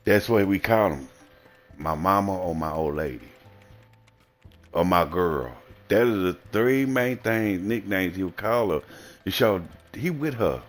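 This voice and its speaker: A man's voice: deep voice, expressive, measured pace, soft background music. A man with a Southern American accent, livestreaming a blunt, rambling and profane casual monologue. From Southern United States.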